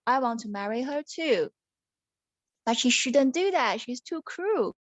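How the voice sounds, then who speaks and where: A woman's voice: sits high, animated, unhurried, dry recording, dull audio. A woman doing an eager young prince. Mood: earnest.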